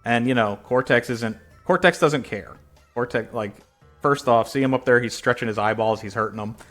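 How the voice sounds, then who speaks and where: A man's voice: mid-range voice, normal speed, a bit bright, soft background music. Rambling man retelling a comic. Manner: rambling, with fillers and self-corrections. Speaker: reader retelling a fan comic. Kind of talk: casual storytelling.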